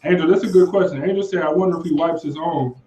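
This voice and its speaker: A man's voice: on the high side, fast, warm tone, roomy sound, muffled recording, slight background noise. A man co-hosting a casual podcast and reading out viewer comments, talking in a laid-back way, repeating himself and trailing off. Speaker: podcast co-host.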